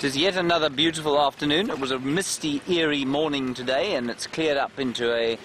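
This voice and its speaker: A man's voice: on the high side, brisk. Guy guiding a live game drive, chatting away to viewers, clip mic, faint engine hum outside. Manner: chatty, answers viewer questions aloud. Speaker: safari guide and live show host. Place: open safari vehicle outdoors. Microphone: clip-on mic, sometimes slipping.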